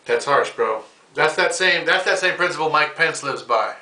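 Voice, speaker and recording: Bright-voiced comedian dude rambling on his podcast, kinda far from the mic, roomy echo. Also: fairly high pitch, lively intonation, moderate pace. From United States. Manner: rambling, ranting, slangy with "bro". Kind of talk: casual comedic monologue. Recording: echoey room, mic at a distance.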